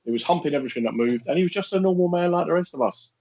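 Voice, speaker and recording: A man's voice: on the high side, expressive, rapid-fire, a little mellow, slight background noise, poor audio. A middle-aged man co-hosting a casual podcast, telling stories in a blunt, brash, joking way. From Irish background. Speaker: podcast co-host. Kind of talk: casual chat, storytelling.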